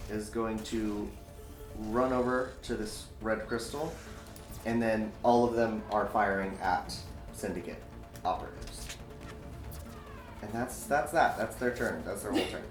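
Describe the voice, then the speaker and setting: A relaxed male game master narrates a tabletop battle and calls for dice rolls, swearing now and then. The room sounds roomy, and music plays underneath. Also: fairly low pitch, slow. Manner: relaxed, descriptive, casual swearing.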